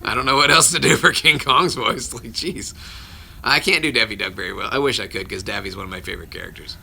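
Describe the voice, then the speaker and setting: A man's voice: on the low side, quick pace, creaky, sharp tone, a little hiss or hum. A man, a voice actor, hosting a casual livestream from his phone at home and answering viewer questions in a rambling way, often cutting himself off and chuckling between answers. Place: at home with his children nearby.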